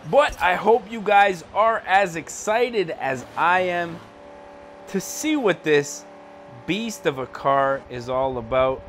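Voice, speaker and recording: A man's voice: sits high, lively intonation, slow pace, a bit bright, slight background noise. A young Canadian man giving casual, joking gameplay commentary from a home setup, rambling and full of fillers. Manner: laid-back, rambling, joking, lots of fillers. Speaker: gaming channel host.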